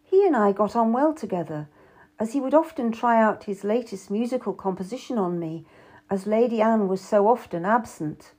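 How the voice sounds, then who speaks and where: A woman's voice: medium pitch, animated, normal speed, a little mellow, slightly rough. A woman narrating a historical novel in the first person, reading expressively. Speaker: audiobook narrator.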